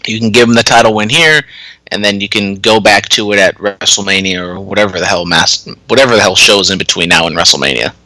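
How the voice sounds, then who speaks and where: Male podcast co-host, bright tense tone, very dry close sound; wry, opinionated. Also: fairly low pitch, fast, dry recording, rough recording. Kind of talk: casual wrestling podcast chat.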